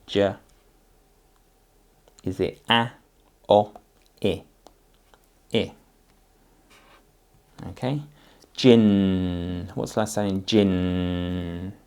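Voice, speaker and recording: A man demonstrates phonics for parents, sounding out each syllable and letter with great patience. His voice is low and gravelly with fry. He speaks very slowly and carefully. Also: steady tone, a little mellow. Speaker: teacher.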